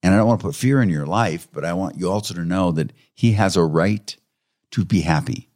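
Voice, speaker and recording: A man, a counselor, telling anecdotes about his clients in a lively conversational way, often chuckling. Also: low-pitched, a little fast, no echo, clean studio sound. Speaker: counselor who works with clients. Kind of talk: conversational interview storytelling.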